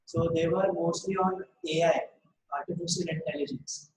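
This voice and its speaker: A man's voice: a little high, flat delivery, normal speed, far from the mic. A young man interviewing a guest, asking hesitant questions full of fillers and rephrasing as he goes. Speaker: student interviewer. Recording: roomy audio with faint background noise.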